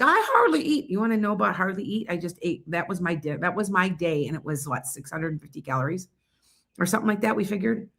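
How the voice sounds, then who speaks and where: A woman giving psychic readings on a casual livestream, chatting loosely and often losing her train of thought. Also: medium pitch. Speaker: psychic reader.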